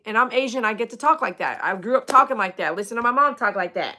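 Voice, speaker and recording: Bright-voiced woman chatting on stream. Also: on the high side, lively intonation, quick pace. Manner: rambling, chatty, joking asides to viewers. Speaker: dog groomer hosting a livestream. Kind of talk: casual livestream chat, reading viewer comments.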